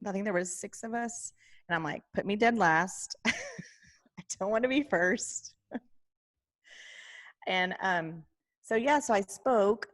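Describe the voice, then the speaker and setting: A woman podcast co-host in casual chat, telling a story in an animated way and often quoting herself and others. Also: medium pitch, takes it slowly, pauses often.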